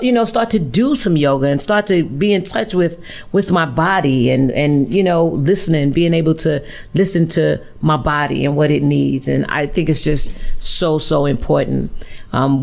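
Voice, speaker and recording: A woman's voice: low-pitched, creaky, darkish tone. A woman hosting a studio podcast, speaking in an affirming, casual way with plenty of "um" and "you know". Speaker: podcast host. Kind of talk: casual studio talk show.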